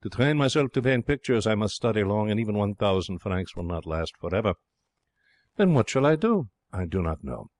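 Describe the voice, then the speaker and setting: A man voicing an excitable young Frenchman. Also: lowish voice, brisk, no echo. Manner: theatrical, broken English phrasing. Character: excitable young Frenchman, romantic would-be artist. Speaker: audiobook narrator. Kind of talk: audiobook reading.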